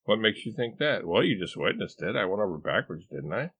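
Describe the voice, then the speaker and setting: A pompous, eccentric know-it-all husband holds forth in long, drawn-out lectures, as a man reads him. His voice sits deep and low but bounces with lively ups and downs, with a self-satisfied air. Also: husky, no echo, full character voice. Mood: lecturing.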